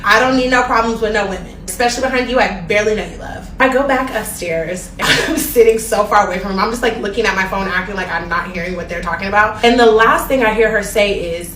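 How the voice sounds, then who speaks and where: Animated young woman telling a story, roomy sound. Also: fairly high pitch, fast talker, hardly any pauses, slight background noise. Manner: animated, gossipy, addresses viewers directly. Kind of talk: casual storytime. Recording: roomy, distant from the mic.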